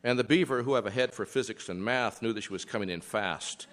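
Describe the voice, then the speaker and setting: A man's voice: on the low side, a little fast, noisy background. A man telling a traditional animal tale aloud, with wry, humorous asides to the listener. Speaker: storyteller. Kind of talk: storytelling narration.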